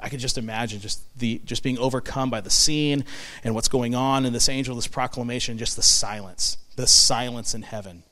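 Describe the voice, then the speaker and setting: A man preaching a sermon as pastor, reading scripture and explaining it with emphatic bursts and hushed, reflective stretches. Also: mid-range voice, measured pace. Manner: animated, emphatic, swings from loud proclamation to hushed reflection.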